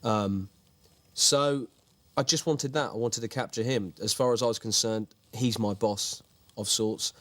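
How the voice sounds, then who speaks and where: A man's voice: medium pitch, unhurried, fairly bright tone, no room sound, natural voice. An actor playing a pompous, self-important male horror author in a mock documentary interview, grandiose but stumbling over his words. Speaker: writer and lead actor being interviewed.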